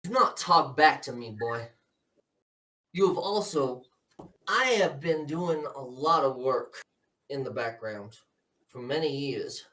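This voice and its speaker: A man's voice: mid-range voice, lively intonation, takes it slowly, long pauses, pushed and bright, recorded from a distance, pitched above the performer's own voice, rough recording. A man playing a menacing older politician father. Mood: scolding. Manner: cold, menacing, lecturing. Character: stern scheming older male politician father.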